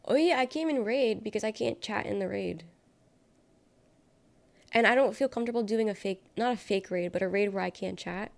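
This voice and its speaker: A young adult woman livestreams a casual chat, reading her chat out loud and reacting bluntly while swearing freely. Her voice is mid-range with vocal fry, at normal speed.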